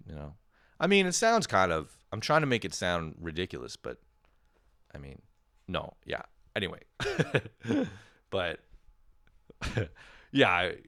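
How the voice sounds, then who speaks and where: Low-voiced guy doing a rambly self-roasting podcast bit, cusses a lot, dry close sound. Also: a little slow, long pauses, no echo. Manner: rambling, self-mocking, swears often; jumps into sudden loud animated bursts. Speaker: podcast host. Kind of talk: casual comedic monologue.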